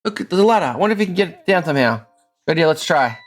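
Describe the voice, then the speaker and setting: A woman's voice: fairly low pitch, lively intonation, racing, faint music behind. A woman streamer casually playing through a game, reading its lines aloud and muttering asides.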